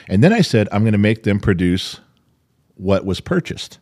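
Middle-aged man, very deep voice, podcast host, animated storytelling, swears a lot. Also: normal speed. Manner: animated, profane, acts out quotes. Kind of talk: casual storytelling chat.

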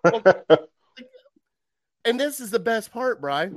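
A man ranting in a worked-up, animated way in a casual sports chat. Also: very high voice, measured pace, dry recording, clean studio sound.

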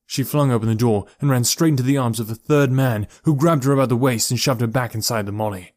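In clean, dry studio audio, a man reads scripted audiobook narration in a mid-range voice. His storytelling stays steady and measured.

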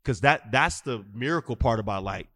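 Bright and forceful, with lively intonation in a mid-range voice at a moderate pace, a man in his thirties who coaches youth football tells stories as a podcast guest, playing out the dialogue animatedly. The casual interview has clean studio sound with no room sound.

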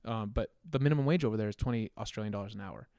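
A young man, a musician guest, chatting casually about his plans in a relaxed, rambling way with frequent laughs. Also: on the low side, rapid-fire, clear, resonant tone, no echo. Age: young adult. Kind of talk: casual conversation.

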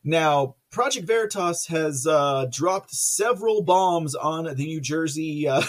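A talkative male livestream host with a somewhat high voice. He rambles through viewer comments, stumbles over fillers, and breaks into laughter often. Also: animated, unhurried. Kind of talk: casual livestream commentary reading viewer chat.

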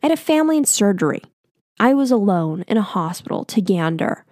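A woman's voice: mid-range voice, very animated, fairly quick, darkish tone, no room sound, clean studio sound. A young woman telling a personal story in a casual, chatty way, full of "like" and the odd swear word. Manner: chatty, filler-heavy with lots of "like", casual swearing.

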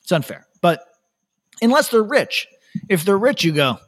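A man hosting a podcast, telling rambling stories in casual chat, laughing often and dropping his voice low to quote people. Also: very animated, normal speed, fairly bright tone. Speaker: podcast host.

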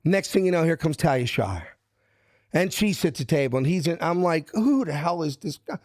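With a slightly high, slightly fast voice and studio-quality sound free of room noise, a guest from South Philadelphia tells a casual story. He stays animated throughout, giving each bit of quoted dialogue its own voice.

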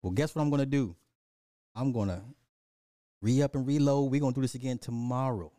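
A man's voice: mid-range voice, fairly quick, warm tone, dry recording, studio quality. A man hosting a casual livestream, ranting profanely and animatedly, laughing and talking to his chat. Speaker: livestream host.

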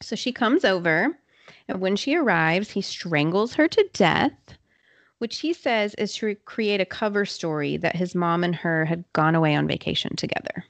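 A woman's voice: lowish voice, expressive, no room sound. Chatty woman telling a true crime story. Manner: chatty, quick, uses filler words. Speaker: podcast host.

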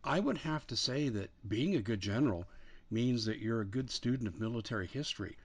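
A man hosting an interview, asking measured, deliberate questions. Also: mid-range voice, animated. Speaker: host.

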